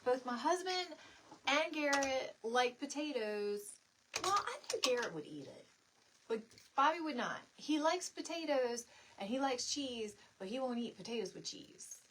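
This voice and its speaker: A middle-aged woman hosts a live home-decor DIY stream from an indoor home craft space, chatting in a rambling, friendly way and answering viewer comments while she crafts. Her voice sits high and is very animated, though a little slow. The background is noisy.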